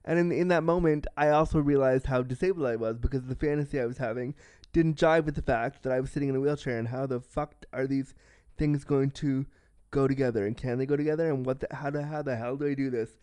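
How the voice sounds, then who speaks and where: A man's voice: mid-range voice, fairly even intonation, fast talker, a little mellow, clear, resonant tone, no echo. Man, podcast host, candid storytelling, self-deprecating, profane, resonant voice, dry close sound. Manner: acts out the people in his story.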